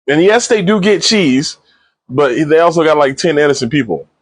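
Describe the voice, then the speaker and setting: A man casually recapping and reviewing a TV episode in slangy, animated speech, acting out the characters' lines. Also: a little high, normal speed, no room sound. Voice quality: animated slangy retelling with acted-out quotes. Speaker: TV show reviewer.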